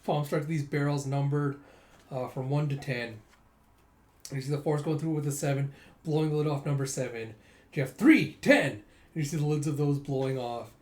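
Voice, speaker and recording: A man casually retelling a comic book story, acting out the characters' lines in bursts of louder, higher voices. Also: a little fast. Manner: animated, jumps into loud high voices for characters. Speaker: manga reader and commentator. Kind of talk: casual comic read-through with acted-out dialogue.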